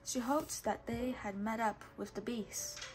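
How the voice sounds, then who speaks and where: A woman's voice: a little high, measured pace, soft background music. Woman reading a children's storybook aloud. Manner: steady, patient, occasional self-corrections. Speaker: storybook reader.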